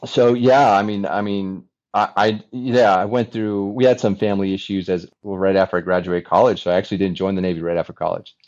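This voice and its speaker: Low-voiced man telling stories, lo-fi sound. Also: a little fast, hardly any pauses. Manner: animated, chatty, many restarts and laughs. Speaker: podcast guest, former Navy fighter pilot. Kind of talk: casual storytelling interview.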